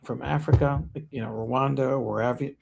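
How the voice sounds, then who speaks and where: Gravelly man telling a story, animated. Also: medium pitch, moderate pace. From Colombia. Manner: storytelling, animated, frequent "you know". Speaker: podcast co-host. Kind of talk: casual chat.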